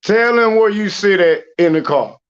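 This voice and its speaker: A man's voice: high voice, animated, moderate pace, smooth, highs cut off. A man telling funny stories in casual chat, acting out quotes and laughing. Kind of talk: casual chat on a live stream.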